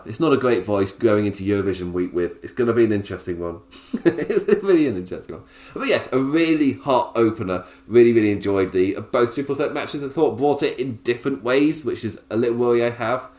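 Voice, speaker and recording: A man's voice: medium pitch, brisk, a little mellow, echoey room. A man giving a casual, chatty review of a wrestling show. He laughs often and talks in loose, filler-heavy bursts. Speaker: wrestling podcaster.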